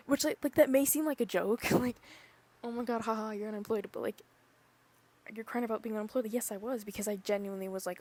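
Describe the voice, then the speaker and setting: A woman's voice: a little high, steady tone, fairly quick. A young woman hosting her own podcast, chatting casually and rambling with lots of "like" and "literally". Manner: rambling, full of "like" and "literally", drifting soft. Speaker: podcast host. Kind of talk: casual chat.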